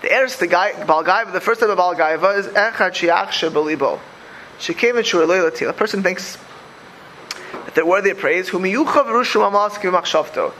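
A man teaching a Torah class, animated, with many restarts and repeated words. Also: high-pitched, fairly quick, a little hiss or hum, poor audio. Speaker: religious teacher.

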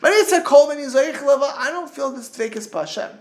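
A man voicing a yearning wise young seeker, raised high. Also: expressive, fairly quick, reverberant, noisy background. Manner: pleading, searching. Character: earnest wise young man longing to feel connected.

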